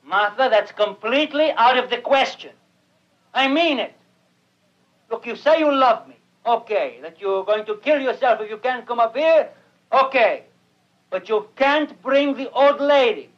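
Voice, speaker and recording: A man's voice: extremely high pitch, unhurried, fairly bright tone. An actor playing a slick, callous con man who talks bossily and coldly, from a dull old film soundtrack. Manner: impatient, bossy, cold.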